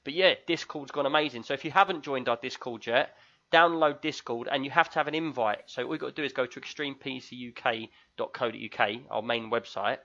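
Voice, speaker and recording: A man with a London accent hosts a podcast in easygoing, joking chat, mid-range in pitch. His voice comes through a tinny, lo-fi microphone. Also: fairly quick, sharp tone. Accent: London English. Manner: chatty, joking, reads listener reviews aloud. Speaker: podcast host. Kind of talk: casual chat. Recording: tinny lo-fi mic.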